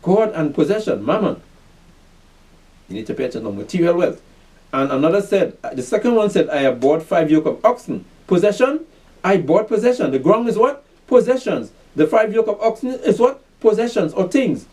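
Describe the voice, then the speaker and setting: Male preacher, lively swooping delivery, mellow tone, recorded off mic, drills the room with call-and-answer questions. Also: high-pitched, moderate pace, distant mic, poor audio. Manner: repeats "pay attention", asks and answers his own questions. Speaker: preacher teaching a class. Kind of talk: fiery street-style scripture teaching.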